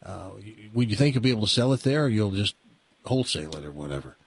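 A man's voice: on the low side, very animated, fast, slightly rough, no room sound. An older man hosting a radio show, chatting casually and spinning playful comic stories with frequent laughter. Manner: chatty, laughs often, spins comic tall tales. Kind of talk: casual radio chat and storytelling.

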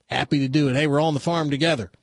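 A man's voice: a little high, steady tone, racing, dry recording, studio quality. A man voicing a smart, helpful male chicken in a told joke, breezy and reassuring.

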